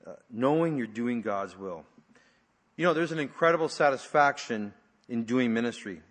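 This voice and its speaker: A man's voice: mid-range voice, expressive, moderate pace. Brief: male pastor, mid-range voice, chatty storytelling sermon, long hall reverb. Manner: conversational storytelling with frequent fillers, dropping to hushed tones.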